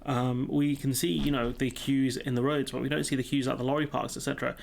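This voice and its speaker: A man with a gravelly, creaky voice gives casual commentary on a news item. He talks at an ordinary middle pitch with little rise and fall, and he leans on fillers like "um" and "you know" between points. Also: little pitch movement, fast, slight background noise. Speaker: political commentator.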